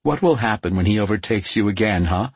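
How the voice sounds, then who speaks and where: A defiant young woman, as a male narrator gives her lines, speaks in cold, clipped retorts. The voice is low and deeply husky. It sits dry and close, with no room around it. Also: lively intonation, brisk, dry recording. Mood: bitter.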